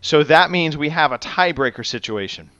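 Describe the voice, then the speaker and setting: A man hosting a podcast quiz, his voice bright and forceful, recorded close and dry. He reads out questions carefully and cheers the answers on. The audio is a bit dull and lo-fi. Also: a little high, expressive, no room sound. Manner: upbeat quizmaster, reads questions slowly and clearly. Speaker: podcast host running a quiz. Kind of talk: casual podcast chat.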